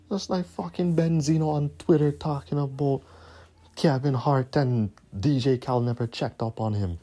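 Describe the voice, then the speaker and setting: A man's voice: fairly high pitch, warm tone, husky. A man, hosting a podcast and delivering a profane, repetitive, scolding rant. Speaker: podcast host.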